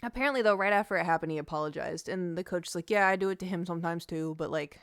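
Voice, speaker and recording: With a lowish, smooth voice and a rapid-fire delivery, a woman streamer chats casually, jumping animatedly between stories. Her audio is studio quality and free of echo.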